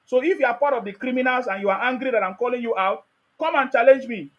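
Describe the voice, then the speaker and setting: Very high-pitched and fast, a man with a Nigerian accent hosts a live call-in stream where the debate has turned heated. He argues combatively and repeats his demands insistently.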